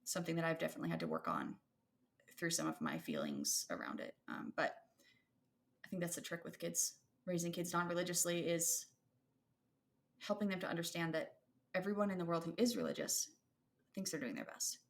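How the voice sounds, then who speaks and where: A woman's voice: lowish voice, lively intonation, fairly quick. A woman in her thirties co-hosting a podcast, talking in a thoughtful, rambling way with many fillers and restarts. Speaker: podcast co-host. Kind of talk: casual conversational chat.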